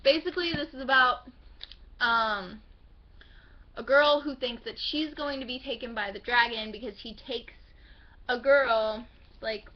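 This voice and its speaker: Gushing high-voiced young woman. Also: a little slow, pauses often, lo-fi sound. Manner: gushing, excitable, swears casually. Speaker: book vlogger. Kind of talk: casual book haul chat.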